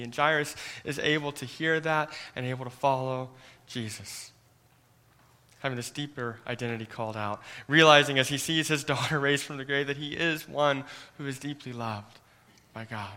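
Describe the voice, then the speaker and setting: Male pastor, sermon, bright clear tone, earnest, soft hushed passages, repeats words. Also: medium pitch, normal speed. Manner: earnest, often drops to a soft hush; repeats words when starting phrases.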